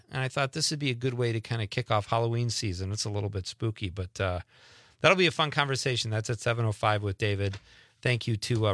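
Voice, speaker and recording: A man's voice: medium pitch, fairly bright tone, no echo. Male radio host, mid-range voice, dry studio sound, loose and chatty. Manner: chatty, rambling, self-deprecating asides. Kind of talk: casual radio chat. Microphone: studio microphone.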